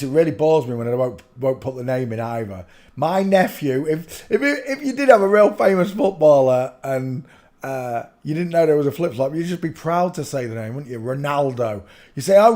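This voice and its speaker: At home in a room, a livestream host talks in a loose, rambling manner, his voice a little high. Between stretches of plain talk he erupts into sudden loud outbursts.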